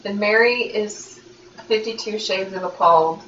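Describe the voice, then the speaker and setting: A woman's voice: mid-range voice, measured pace, a bit bright, highs cut off. Woman chatting on a podcast, laid back, sounds far away in a roomy space. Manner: easygoing, laughs often. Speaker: podcast co-host. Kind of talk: casual chat. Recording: echoey, distant room mic with faint noise.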